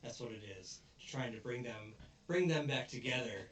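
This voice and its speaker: A man's voice: mid-range voice, moderate pace. A man casually retelling an anime episode as a show host, rambling and briefly putting on character voices. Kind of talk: casual recap chat. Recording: roomy, distant mic with faint noise.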